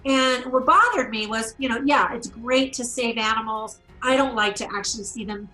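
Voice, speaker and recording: Bright-voiced woman co-hosting a film review. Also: fairly high pitch, moderate pace, soft background music, poor audio. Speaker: movie review co-host. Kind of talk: casual review discussion.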